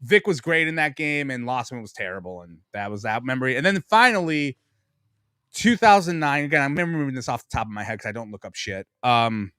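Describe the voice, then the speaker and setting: A man's voice: medium pitch, expressive, brisk, sharp tone, clear, resonant tone, no room sound, studio quality. A man in his forties from Buffalo, guest on a sports talk podcast, telling long profane stories with self-mocking humor. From Buffalo, New York. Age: 40s. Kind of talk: casual sports chat.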